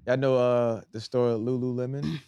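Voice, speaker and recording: Male podcast co-host, mid voice, animated joker, dry sound. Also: medium pitch, moderate pace, smooth, no echo, muffled recording. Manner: joking, animated storyteller. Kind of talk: casual chat.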